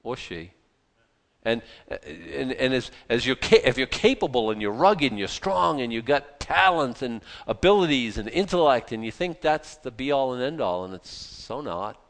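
A man preaching in a loose, conversational way, correcting himself mid-sentence and throwing in jokes. His voice has an ordinary middle pitch for a man. He sounds like he is talking with the congregation rather than reading to them. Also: sing-song, normal speed, creaky, fairly bright tone. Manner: chatty, self-interrupting, with joking asides. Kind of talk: conversational sermon.

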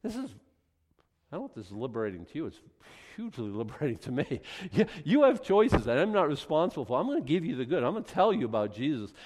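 Animated preaching man with lively pitch. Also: fast talker. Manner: animated preaching, acts out voices, swings from loud to hushed. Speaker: pastor. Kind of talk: sermon.

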